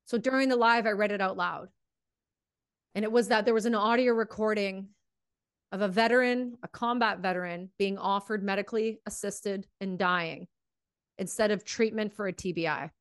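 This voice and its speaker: At a normal speed, a woman with a smooth, medium-pitched voice hosts a podcast, recorded at studio quality with no echo. Her commentary burns with emotional passion and free swearing, and then she interviews her guest.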